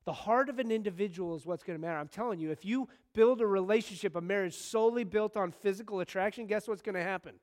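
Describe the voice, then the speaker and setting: A man in his thirties delivers a sermon in a high, light voice. He talks to the congregation like a friend, telling stories and breaking into sudden excited bursts. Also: fast talker, few pauses. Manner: conversational, animated storytelling with sudden bursts of excitement. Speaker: pastor.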